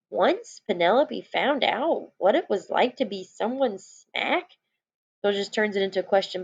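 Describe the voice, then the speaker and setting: A woman's voice: mid-range voice, gravelly, a little mellow, highs cut off. A woman teacher giving a recorded lesson to young children, explaining patiently.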